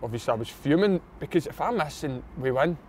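A man's voice: fairly high pitch, lively intonation, quick pace, darkish tone, a little hiss or hum. A young Scottish man, a footballer, telling a story in casual chat, blunt and swearing freely.

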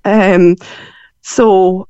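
A woman's voice: mid-range voice, drawn-out words, clear, resonant tone, dry recording. Irish woman telling a story, lo-fi line. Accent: Irish, Cork. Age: 40s. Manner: animated storytelling, voices her mum's lines. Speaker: guest. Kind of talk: casual phone interview.

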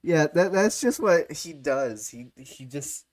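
A speaker chatting casually on a livestream podcast, halting and filler-heavy, laughing often. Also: mid-range voice, animated. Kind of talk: casual chat.

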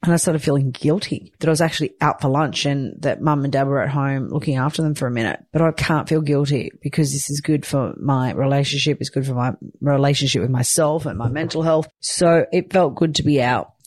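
A woman's voice: extremely low pitch, brisk, hardly any pauses, a little mellow, no room sound, studio quality. A sleep-deprived new mother talking candidly in a casual weekly chat, swearing lightly and laughing often. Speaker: weekly vlogger, new mother of twin boys.

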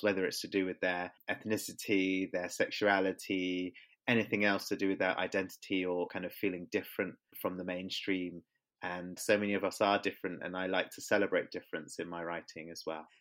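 A man's voice: low-pitched, flat delivery, brisk, a bit bright. A man, a poet and author giving frank, reflective interview answers. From England.

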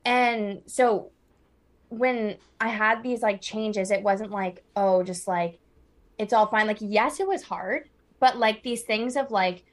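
A woman's voice: medium pitch, slow. A woman in her twenties, a podcast guest, talking in a rambling casual way with many fillers. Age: 20s. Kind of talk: casual chat.

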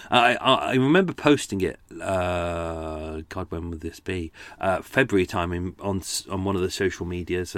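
Chatty man, low and dry. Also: a bit bright, no echo. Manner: rambling and chatty, with many fillers and asides. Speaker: podcast host. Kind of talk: casual chat, reading out archive letters.

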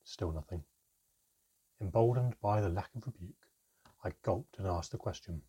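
Husky-voiced man narrating a story. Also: low voice, moderate pace, warm tone. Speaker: audiobook narrator. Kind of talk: first-person storybook narration.

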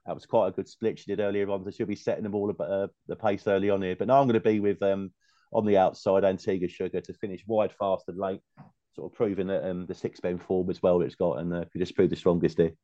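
A man's voice: sits low, little pitch movement, quick pace, dark tone, no echo. A man chatting as a guest tipster on a betting podcast, agreeable and loose in his phrasing. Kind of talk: casual chat. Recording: dry dull lo-fi mic.

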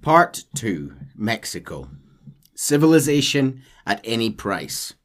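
A man's voice: medium pitch, big pitch swings, slow pace, a bit bright. A man hosting a podcast, casually retelling a game's story and chuckling along the way. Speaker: podcast host.

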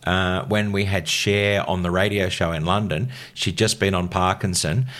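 An older man, a veteran broadcaster chatting as an interview guest, telling lively stories and acting out quoted voices. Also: low-pitched, moderate pace. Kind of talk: casual interview chat.

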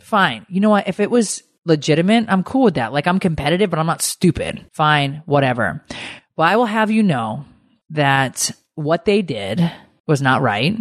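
A woman's voice: low-pitched, lively intonation, normal speed, no room sound. A middle-aged woman co-hosting a podcast, ranting in a heated, swearing casual chat. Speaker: podcast co-host.

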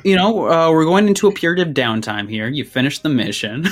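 A man's voice: on the high side, fairly quick, over music. A man acting as game master, narrating a tabletop game in tense second person, then explaining rules casually.

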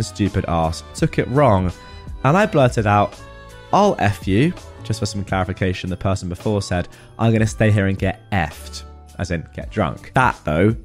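A man reading reddit posts aloud and adding wry comments, with faint music behind him. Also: medium pitch. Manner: wry, animated commentary with frequent laughs. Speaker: reddit storytime host.

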